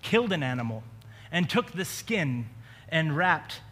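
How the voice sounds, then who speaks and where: Preacher, male, high bright voice, chatty sermon with quips, long hall reverb. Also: very animated, unhurried. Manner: conversational preaching with joking asides. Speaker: pastor.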